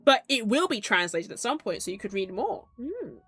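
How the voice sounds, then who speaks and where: A woman's voice: on the high side, very animated, normal speed, a bit bright, breathy edge, faint music behind. A woman streamer reading game text aloud and chatting with viewers in a rambling way, with lots of "like". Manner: chatty, peppered with "like", giggly asides.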